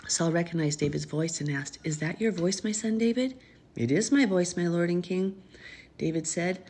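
A woman's voice: fairly low pitch, moderate pace, mellow, a little hiss or hum. A woman reading a Bible passage aloud and stopping often to explain it in an earnest, chatty way. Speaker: Bible teacher.

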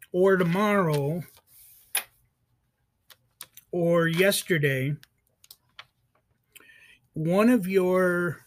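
A man hosting an interview podcast, asking questions in a halting way with many restarts. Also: sits high. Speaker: podcast host. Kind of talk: conversational interview.

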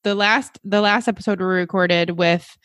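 A woman's voice: mid-range voice, steady tone, normal speed, a bit bright, smooth, no room sound, studio quality. A woman co-hosting a podcast in casual chat, candid and chatty, laughing easily. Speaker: podcast co-host.

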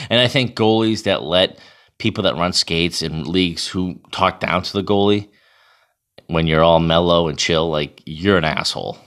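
Very deep-voiced young man ranting. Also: moderate pace, fairly bright tone. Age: young adult. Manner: profane, rambling, lots of fillers. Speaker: beer league hockey goalie vlogger. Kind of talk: casual rant to camera.

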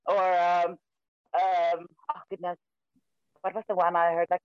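A woman's voice: lowish voice, flat delivery, unhurried, clean tone, no room sound, muffled recording. A woman from South Africa with an accent mixing South African and American, chatting as a podcast guest who laughs easily. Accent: South African mixed with American. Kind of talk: casual chat.

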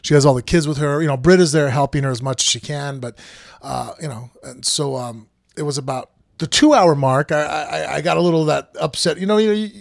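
A gravelly-voiced man with a slightly raised pitch spins a winding travel story for a podcast, stopping often with fillers. He slips into the voices of the people in it as he goes. The sound is dry and close. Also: brisk, no room sound. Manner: rambling, animated storyteller acting out quoted dialogue. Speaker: podcast co-host.

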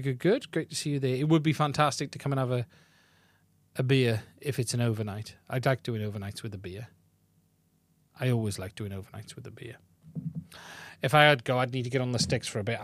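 A man's voice: mid-range voice, fairly bright tone, dry recording. A man hosting a casual live-stream podcast, chatting in a rambling way with lots of fillers and restarts. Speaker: podcast host. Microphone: podcast mic into a mixing console.

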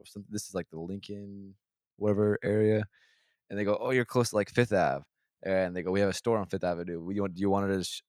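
Low-voiced man telling a profane story. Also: no room sound, clean studio sound. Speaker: podcast host. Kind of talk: casual chat.

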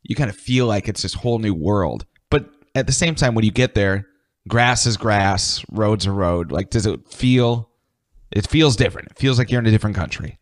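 A man with a fairly low voice co-hosting a comedy podcast. He speaks in a relaxed, offhand way, mostly giving quick reactions and dry one-liners. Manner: laid-back, short reactions and dry jokes. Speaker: podcast co-host. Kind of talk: casual comedic chat.

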